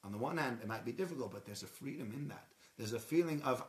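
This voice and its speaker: A man's voice: medium pitch, expressive, quick pace. A man giving a Torah talk, explaining step by step with rhetorical questions and Hebrew terms. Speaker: Torah teacher. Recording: echoey room.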